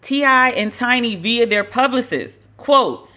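A woman's voice: on the high side, lively intonation, measured pace, sharp tone. A woman podcast host giving casual, blunt commentary on celebrity news, swearing and joking wryly as she reads. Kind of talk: casual pop culture commentary.

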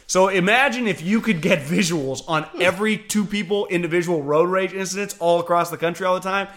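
A man co-hosting a podcast, telling casual stories in an animated way with plenty of swearing. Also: high voice, fairly quick. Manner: animated storytelling with profanity. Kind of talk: casual chat.

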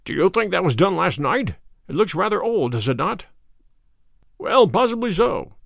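A man plays a sharp, commanding detective from a classic story. He speaks crisply and with authority, his pitch moving a lot. The recording is close and dry. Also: big pitch swings, normal speed, no echo, heavily acted.

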